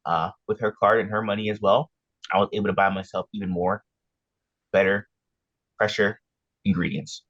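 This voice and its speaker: A man's voice: lowish voice, fairly even intonation, moderate pace, long pauses, fairly bright tone. A young man guest on a casual podcast, telling his story in a laid-back, joking way. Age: young adult. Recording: dry, dull lo-fi mic.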